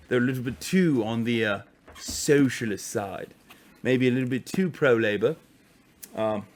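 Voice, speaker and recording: A male streamer putting on a pompous posh upper-class English accent, talking in a mock-genteel way with lively swoops. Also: medium pitch, natural voice. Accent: posh English (put on). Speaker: live streamer. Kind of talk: mock-posh comedic monologue.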